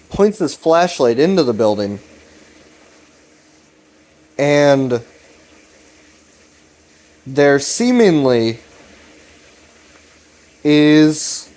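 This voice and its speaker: A man's voice: mid-range voice, warm tone. A young man giving a casual, rambling recap commentary, loose and profane, full of fillers. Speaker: video commentator.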